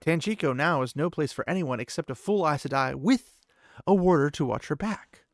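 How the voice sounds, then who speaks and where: A man voicing a stern male warrior who keeps losing his cool and raising his voice in loud exasperated bursts. The voice is gravelly and sits close and dry. It is his own voice, read straight from a storybook. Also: a little high, normal speed, no echo, voice pushed up, natural voice. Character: stern male warrior guardian, usually controlled.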